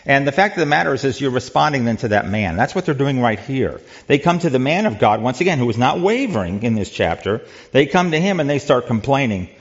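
A man's voice: medium pitch, lively intonation, a little fast, hardly any pauses, lo-fi sound. A man leading a church Bible study in a conversational way, quizzing the group and often repeating words.

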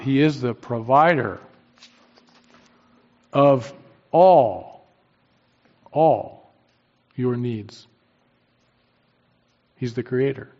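A man preaching a sermon, swinging from quiet low lines to emphatic, rising peaks. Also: dull audio.

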